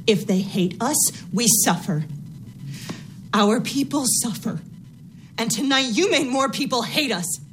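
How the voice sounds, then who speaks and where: A woman's voice: on the high side, background noise. An actress playing a stern, fiercely protective mother who scolds her daughter sharply in a film scene.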